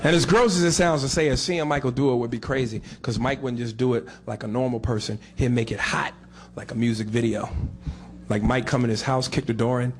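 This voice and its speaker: A man's voice: medium pitch, steady tone, brisk, slight background noise. A man doing stand-up comedy in a crude, profane way.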